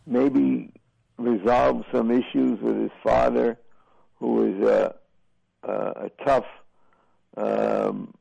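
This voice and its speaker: Very gravelly, slow-talking older man. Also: medium pitch, warm tone, no echo, dull audio. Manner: slow, halting storytelling with many fillers. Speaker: boxing broadcaster. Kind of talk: reflective interview answers.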